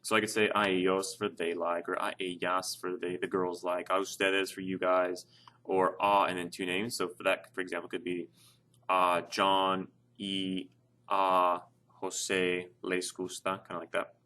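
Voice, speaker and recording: Low-voiced male Spanish teacher. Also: flat delivery, normal speed, sharp tone. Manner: casual, explanatory, with frequent fillers. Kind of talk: screen-share lesson narration.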